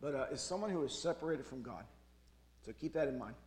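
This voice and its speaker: A man speaking at a youth retreat, preaching a jokey, animated sermon with big swings in loudness. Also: medium pitch, a little fast, a little hiss or hum.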